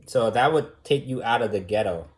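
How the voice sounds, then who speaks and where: A man's voice: medium pitch, moderate pace. A man teaching a debate class in an informal, talky way, firing off repeated rhetorical questions and using casual fillers.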